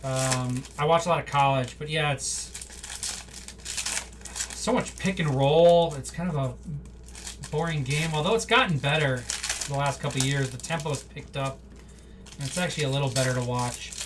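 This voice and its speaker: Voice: mid-range voice, normal speed, long pauses. A card-break host chatting casually and rambling off-the-cuff while opening packs on a live stream. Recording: slightly distant mic, faint background hum.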